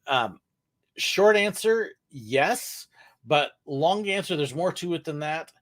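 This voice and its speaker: A man hosts a relaxed live question-and-answer session, chatting loosely and tossing in corny puns as he goes. His voice sits a little high and swings widely in pitch, which keeps his rambling talk lively. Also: takes it slowly. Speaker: livestream host answering viewer questions. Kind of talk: casual live Q&A chat.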